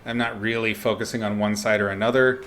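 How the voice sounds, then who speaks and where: A man's voice: lowish voice, little pitch movement, fast, fairly bright tone, a little hiss or hum. A middle-aged man chatting casually and laughing at himself while he paints on a live stream. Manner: chatty, self-mocking, laughs often. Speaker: artist streaming a painting session.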